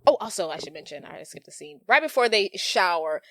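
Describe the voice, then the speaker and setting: A woman's voice: mid-range voice, sing-song, brisk, dry recording. A woman co-hosting a podcast, recapping a movie scene by scene and acting out the characters' lines. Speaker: podcast co-host. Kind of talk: casual movie recap chat.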